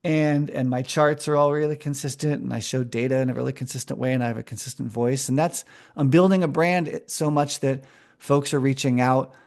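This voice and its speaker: A man with a mid-range voice, guesting on an interview podcast. He answers in a lively, enthusiastic way, restarting his phrases now and then as his thoughts run ahead. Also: mid-range voice, brisk. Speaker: interview guest, brand strategist. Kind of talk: casual conversational interview.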